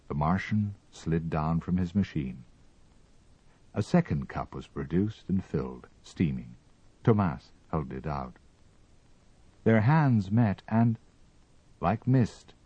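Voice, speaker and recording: A man narrating a story as an audiobook reading, with expressive, measured storytelling. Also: deep voice, breathy edge, no room sound, dull audio.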